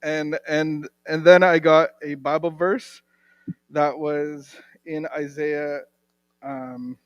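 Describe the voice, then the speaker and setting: Guy wrapping up a church service, a bit higher voice, easygoing and rambly, dry close sound. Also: takes it slowly, no room sound, lo-fi sound. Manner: relaxed, joking, rambling with "um" and restarts. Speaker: church leader closing the service. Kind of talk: informal sermon talk.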